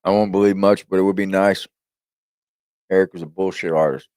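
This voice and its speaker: A man hosting a reaction channel, talking casually and crudely with teasing asides and loud whoops. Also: low-pitched, steady tone, fairly quick, clear, resonant tone, dry recording.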